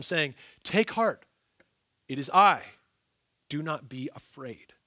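A man preaching a sermon, asking the congregation rhetorical questions and often dropping his voice low and soft. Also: dry recording, studio quality. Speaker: pastor.

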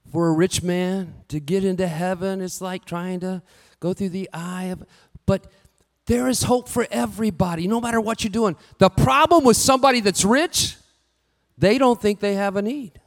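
A man preaching a sermon with lively delivery, rising to shouts and acting out what the figures say. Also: sits high, normal speed. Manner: animated, shouting at peaks, acting out quotes. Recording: long hall reverb.

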